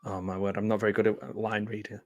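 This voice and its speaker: Male host, lowish voice, dead-dry close mic, chatty sardonic movie commentary. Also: flat delivery, fast, darkish tone, dry recording, highs cut off, faint music behind. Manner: chatty, sardonic asides with frequent filler ums. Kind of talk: casual live movie commentary. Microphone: close mic in front of a green screen.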